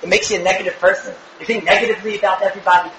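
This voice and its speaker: A man giving a Torah talk, telling a story in an animated, digressive way and acting out the quotes. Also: sits high, rapid-fire, roomy sound, noisy background. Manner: animated, digressive, often restarts and acts out quotes. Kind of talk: Yiddish-flavored Torah lecture, storytelling. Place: synagogue or study hall.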